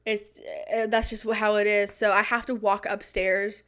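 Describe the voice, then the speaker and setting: A young woman hosting a podcast, telling a self-mocking story in a casual, animated way with quick asides. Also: medium pitch. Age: young adult. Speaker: podcast host.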